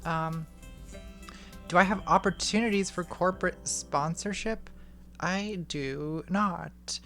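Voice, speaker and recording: A woman answering patron questions on a casual live stream in a candid, offhand way, reading questions aloud, speaking into a boom mic at home. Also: takes it slowly, a bit bright, faint music behind. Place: home room with smart lighting.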